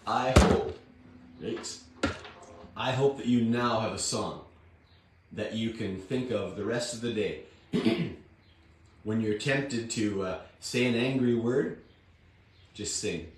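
A man hosting a devotional Bible reading, talking in a homely, plain-spoken way with a slightly rough morning voice. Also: lowish voice, takes it slowly, long pauses. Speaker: devotional host and Bible reader. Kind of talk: slow, unhurried devotional talk. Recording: very echoey room, distant mic, faint guitar.

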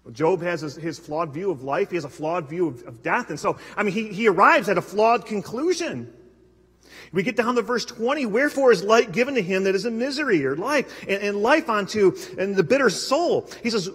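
A high-voiced man preaches in an animated style, breaking into acted-out quotes and restarting phrases often. His voice is slightly husky and rings out with a long reverb through a large church sanctuary. The delivery is a live sermon. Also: a little fast. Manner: animated, acts out quotes with big pitch swings, many restarts. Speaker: pastor.

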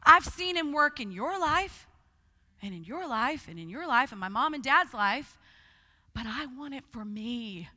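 A woman preaching at a conference, telling her story in a lively way and acting out the voices of the people in it. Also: high voice, measured pace. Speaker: guest speaker. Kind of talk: conference sermon with testimony. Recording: long hall reverb.

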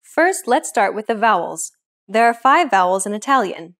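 A woman's voice: mid-range voice, sing-song, fairly bright tone. Woman hosting a scripted language lesson. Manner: clear, measured explaining.

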